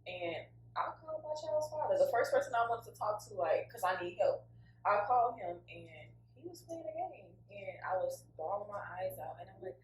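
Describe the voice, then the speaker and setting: A woman's voice: mid-range voice, sing-song, moderate pace. A woman co-hosting a podcast, telling her own story in a candid, emotional, informal way with lots of fillers. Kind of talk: casual heartfelt podcast chat. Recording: echoey room, mic at a distance, faint hum.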